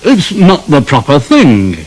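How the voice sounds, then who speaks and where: A man's voice: on the high side, wildly swooping pitch, takes it slowly, full character voice, low-quality recording. Gordon, a man doing a pompous big engine. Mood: haughty. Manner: pompous, condescending. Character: pompous big male express engine, self-important.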